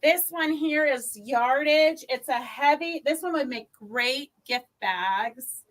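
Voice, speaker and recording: Showing fabric on her live sewing stream, this host speaks slowly in a high-sitting, slightly bright voice. Her talk is casual and rambling, full of ums.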